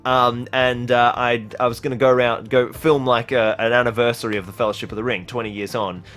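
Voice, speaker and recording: A man's voice: mid-range voice, level tone, fairly quick, fairly bright tone. A young man from Australia hosting a casual livestream, reading out chat with lots of fillers and laughter. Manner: rambling, laughs often, many fillers.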